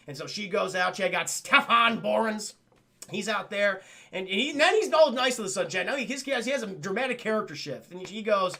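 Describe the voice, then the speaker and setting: Young guy streaming a movie recap, high bright voice with gravel in it, swears a lot and acts out scenes. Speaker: streamer reviewing a film. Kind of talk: casual livestream recap to chat.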